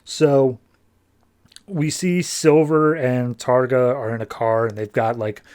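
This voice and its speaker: A man's voice: mid-range voice, steady tone, takes it slowly, darkish tone. A man hosting a podcast, giving a casual, breezy comic book recap full of fillers. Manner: breezy, filler-laden retelling. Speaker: podcast host.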